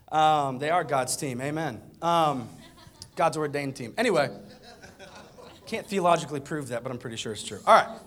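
Animated high-voiced male pastor. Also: a little hiss or hum. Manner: animated storyteller, acts out dialogue with rising excitement. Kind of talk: sermon storytelling. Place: church auditorium with a live audience.

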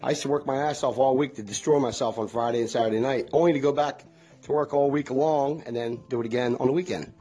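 A man's voice: mid-range voice, fairly even intonation, fast, mellow, slightly rough, soft background music. A middle-aged man rambling in a folksy, chatty way, talking straight to his viewers in a casual monologue. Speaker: vlogger.

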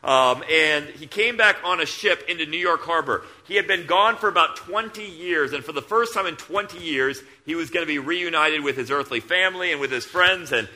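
A middle-aged man preaching a sermon, moving between loud, excited storytelling and quiet, hushed intensity. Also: on the high side, normal speed, few pauses.

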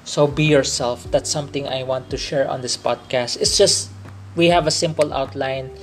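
A man's voice: medium pitch, fairly even intonation, normal speed, fairly bright tone, faint music behind. Earnest man with a Filipino accent. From Philippines. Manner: earnest, repeats and restates phrases. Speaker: podcast host. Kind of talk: faith-based motivational podcast talk.

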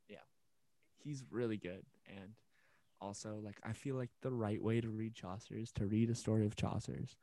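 A man's voice: fairly low pitch, moderate pace, dry recording, poor audio. Rambling man in casual chat, dry sound. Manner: rambling, animated, full of fillers and acted-out quotes. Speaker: podcast co-host.

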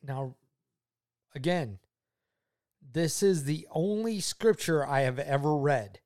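A man speaking to his daughter, telling his faith testimony in an earnest, heartfelt way, often repeating himself and going quiet when moved. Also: fairly high pitch, animated, takes it slowly. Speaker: father talking with his daughter.

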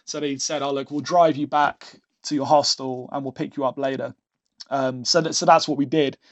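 A man guest on a podcast telling a story in a casual way, animated, often laughing and restarting his sentences. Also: mid-range voice, normal speed. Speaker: podcast guest, travel agent. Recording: dull lo-fi sound.

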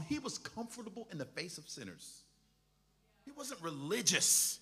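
A man's voice: high-pitched, bright, forceful tone, big-room sound. A male pastor preaching a sermon with impassioned, repetitive exhortations.

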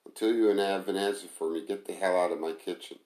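Brief: deep-voiced man playing a contemptuous, bossy kitchen boss, slightly raised and louder, echoey room. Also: steady tone, fairly quick, lightly acted. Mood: scornful. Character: scornful, brash male restaurant manager and chef.

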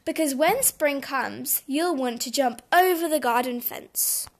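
A woman voicing a calm, encouraging father rabbit giving advice in a storybook. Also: high voice, unhurried. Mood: advising. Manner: calm, advising.

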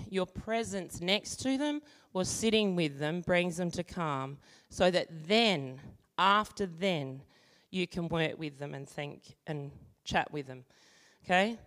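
A woman giving a sermon, moving from an animated story with acted-out voices to calm teaching and prayer. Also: lowish voice, measured pace. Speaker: church speaker. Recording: long hall reverb.

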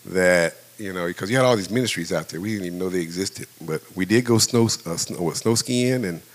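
Speaking from the pulpit like he's among old friends, a middle-aged male pastor tells a story as his sermon. His brisk delivery is loose and animated, his pitch jumps suddenly as he acts out scenes, and he laughs a lot.

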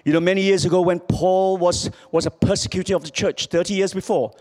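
A man preaching a sermon as pastor, swinging from loud calls to quiet, low lines. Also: fairly even intonation, brisk.

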